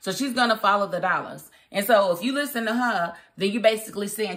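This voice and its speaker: A woman giving a casual, opinionated spoken review of a TV episode, chatty and quick to laugh. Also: mid-range voice, noisy background. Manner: chatty and opinionated, laughs often, mimics characters. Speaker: TV show reviewer.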